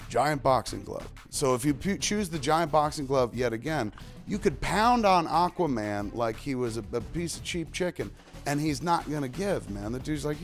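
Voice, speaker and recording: A man in his forties co-hosting a casual comic-book debate, animated and swinging between loud and quiet, acting out the characters he quotes. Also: medium pitch, normal speed, soft background music. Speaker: co-host.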